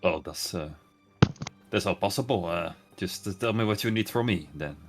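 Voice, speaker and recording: A man voicing a wary, low-voiced noble host. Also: moderate pace, over music, natural voice. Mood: guarded.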